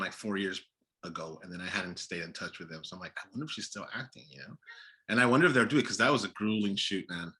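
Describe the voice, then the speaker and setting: A man's voice: low-pitched, sharp tone, husky. A man, a filmmaker guest, chatting casually and animatedly in an interview, laughing and acting out his own past thoughts. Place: Los Angeles area.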